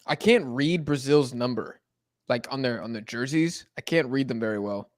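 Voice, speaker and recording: In clean, echo-free studio sound, a young man with a mid-range voice speaks at normal speed. Co-hosting a match watch-along, he gives casual play-by-play of the football, relaxed and chatting between moves.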